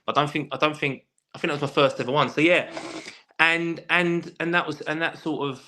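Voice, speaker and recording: Male guest, rapid animated storyteller, bright forceful tone, swears a lot. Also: on the high side, a little hiss or hum. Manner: animated storyteller, swears freely, many restarts. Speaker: guest, former footballer. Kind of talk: casual podcast chat.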